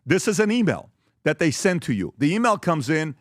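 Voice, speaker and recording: A man hosting a business presentation to a live audience, direct and emphatic, telling stories with lively acted-out exchanges. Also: on the high side, no echo, studio quality. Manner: animated storytelling, acts out quoted exchanges; direct and emphatic, lists points quickly. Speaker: host giving a business talk.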